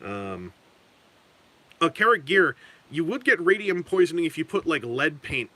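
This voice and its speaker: A man's voice: fairly high pitch, very animated, a little slow, sharp tone, no echo. A man casually chatting on a live stream while painting miniatures, rambling and correcting himself with chuckling asides.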